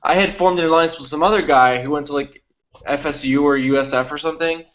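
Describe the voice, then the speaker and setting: A young man co-hosts a casual podcast, telling a long story and acting out what others said. His voice sits a little high, and the audio is dull and lo-fi. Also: fast talker. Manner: animated storytelling, acts out quotes, swears freely. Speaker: podcast co-host. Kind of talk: casual chat.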